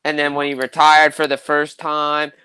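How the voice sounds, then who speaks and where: A man's voice: fairly high pitch, monotone, normal speed, sharp tone, clean tone, rough recording. A man co-hosting a hockey talk show, chatting eagerly as a fan and saying "like" a lot. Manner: enthusiastic fan, heavy use of "like". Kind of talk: casual sports chat.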